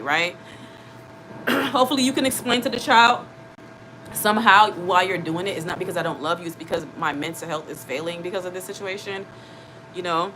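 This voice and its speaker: A woman with a lowish voice talks earnestly to her channel viewers, looping back over her points with plenty of fillers. A faint rumble sits under the recording. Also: brisk, pushed and bright, low-quality recording. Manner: earnest, repetitive, conversational with many fillers. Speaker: channel host. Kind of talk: casual livestream chat.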